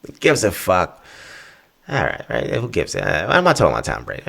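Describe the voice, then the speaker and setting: Rambling and profane, a man hosting his own podcast vents in a casual solo rant. His voice sits low and sounds gravelly, and he talks fairly quickly with lots of animation.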